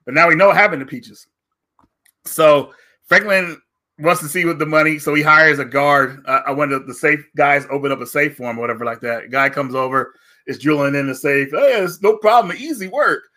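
A man hosting a podcast, casually retelling a series and acting out the characters in animated raised voices. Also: fairly high pitch, a little fast. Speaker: podcast host. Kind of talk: casual review chat.

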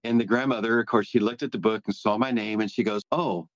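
A man's voice: medium pitch, a little fast, few pauses, no room sound. A man guest on a podcast interview, telling his story earnestly and with animation, often restarting his sentences. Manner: earnest and animated, with frequent restarts and "you know"s. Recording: dull, lo-fi, dry sound.

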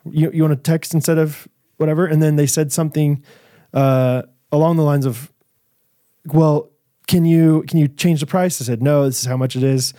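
A man on a casual podcast, telling a story and laughing often as he acts out the lines of the people in it. His voice sits a bit high for a man. He keeps it loose and chatty. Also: fairly even intonation, normal speed, dark tone, no echo, clean studio sound. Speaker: podcast co-host. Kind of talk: casual chat.

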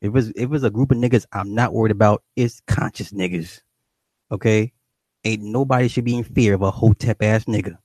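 A man's voice: lowish voice, a little fast, a little mellow, no echo. A middle-aged man streaming to his viewers in a casual, profane rant, repeating and restarting phrases as he goes.

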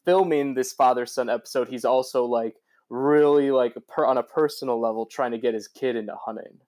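A man's voice: medium pitch, a little fast, darkish tone. A young man co-hosting a podcast, rambling through casual chat with lots of fillers, restarts and laughs. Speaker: podcast co-host.

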